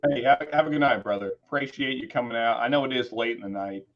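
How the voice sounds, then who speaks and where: A man's voice: mid-range voice, fast, lo-fi sound, crowd noise. A man co-hosting a casual livestream chat in a joking, easygoing way. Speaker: livestream co-host.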